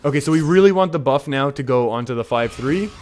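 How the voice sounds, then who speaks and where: A man's voice: mid-range voice, lively intonation, quick pace, darkish tone, faint music behind. A young Canadian man with an English Canadian accent, casually commentating a card game and reading viewer comments, laughing often. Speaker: streamer.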